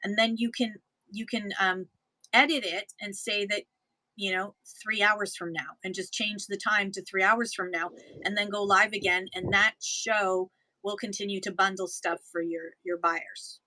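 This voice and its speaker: A woman's voice: medium pitch, fairly even intonation, normal speed, bright, forceful tone, rough recording. A woman from Canada, co-hosting a casual chat about livestream selling, explaining in a rambling, self-correcting way. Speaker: livestream seller and co-host.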